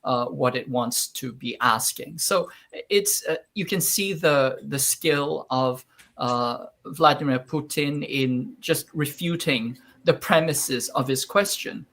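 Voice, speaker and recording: A man giving sardonic, measured political commentary as a panel guest, with frequent fillers. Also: mid-range voice, fairly bright tone.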